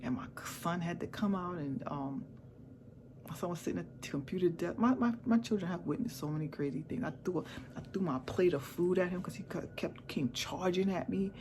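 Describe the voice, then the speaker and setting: A woman's voice: fairly low pitch, fairly quick, noisy background. A woman vlogger candidly telling a personal story in a chatty, repetitive way. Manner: candid, chatty, repeats herself.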